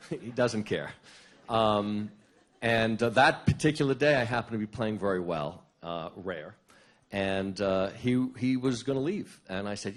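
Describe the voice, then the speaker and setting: A man's voice: lowish voice, a little slow. A middle-aged man being interviewed at a conference, telling stop-start, self-deprecating anecdotes. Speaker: interview guest. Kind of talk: storytelling at a conference.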